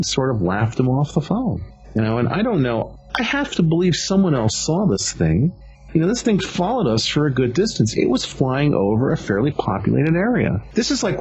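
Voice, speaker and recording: Lively low-voiced man recounting a sighting. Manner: vivid, animated storytelling with restarts. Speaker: witness. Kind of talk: first-hand account. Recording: dull lo-fi audio with faint music.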